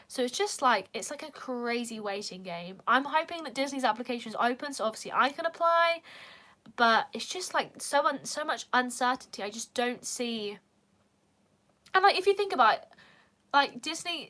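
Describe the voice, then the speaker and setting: Bright-voiced chatty British young woman. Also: a little high. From United Kingdom. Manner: chatty, peppered with "like". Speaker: vlogger. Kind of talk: casual chat.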